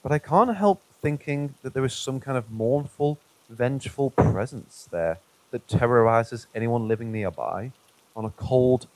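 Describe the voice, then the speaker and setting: A man reading true paranormal stories aloud in a calm, even narration. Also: medium pitch, measured pace, poor audio. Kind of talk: scripted narration.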